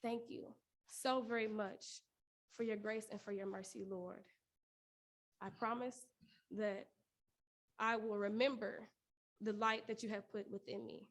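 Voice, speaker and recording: A poetry performer delivers a spoken word piece as a prayer monologue, earnest and pleading, with laughs breaking through. Her mid-range voice is fairly even in intonation, unhurried, with frequent pauses.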